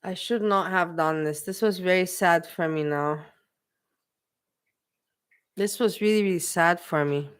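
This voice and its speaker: A woman's voice: on the low side, measured pace, pauses often, smooth. Emotional woman chatting on a livestream. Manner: emotional, repetitive, talks to her chat. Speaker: livestream host. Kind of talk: casual livestream chat.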